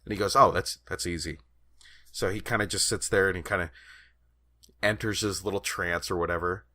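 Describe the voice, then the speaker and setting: Man, podcast co-host, casual chat, rambling, laughs a lot, very low pitch. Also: steady tone, a little fast, sharp tone. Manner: rambling storyteller, laughs often, swears casually.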